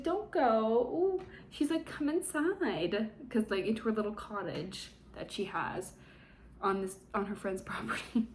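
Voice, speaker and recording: A young woman talks through a book's plot in a loose, chatty recap. Her delivery is sarcastic and peppered with fillers, and her voice sits at a middling pitch. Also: a little hiss or hum. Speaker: book reviewer. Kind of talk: casual book recap vlog.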